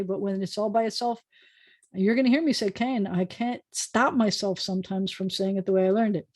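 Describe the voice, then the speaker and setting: Woman, warm low-toned voice, rabbi teaching a Hebrew class, chatty, video call. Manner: chatty, self-correcting, drawing letters as she explains. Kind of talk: online class lesson.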